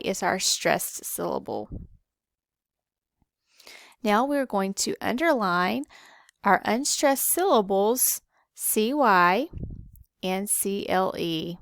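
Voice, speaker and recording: A woman teaching a spelling lesson, who spells words out letter by letter slowly and patiently. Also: medium pitch, creaky, a bit bright, no room sound, clean studio sound. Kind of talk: slow, careful spelling lesson.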